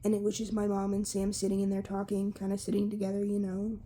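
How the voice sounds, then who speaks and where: A young woman candidly recounting a personal story in a halting, casual way, swearing freely. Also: medium pitch, completely flat delivery, mellow, slight background noise. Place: Lancaster area.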